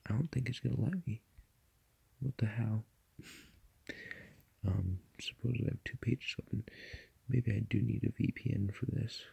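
Gravelly, husky young man rambling. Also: on the low side, fairly even intonation, normal speed, pauses often, warm tone, no room sound. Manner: rambling, full of fillers and swearing. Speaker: vlogger. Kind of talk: rambling casual vlog. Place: lying in bed at night.

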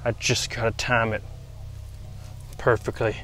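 A man's voice: mid-range voice, little pitch movement, a little slow, bright, forceful tone, slight background noise. A man acting in a comedy skit, talking in a playful, self-mocking way. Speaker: YouTube creator acting in a skit.

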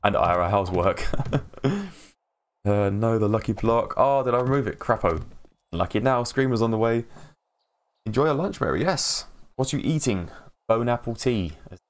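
A man's voice: lowish voice, lively intonation, normal speed. An English man hosting a casual live game stream, rambling, laughing often and greeting viewers in chat by name. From England. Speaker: livestream host.

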